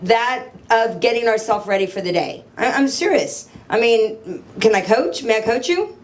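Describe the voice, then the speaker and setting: A middle-aged motivational speaker addresses a live audience from the stage, with a crowd audible behind her. Her fairly high voice is animated at normal speed as she tells stories, acts out dialogue and questions the audience.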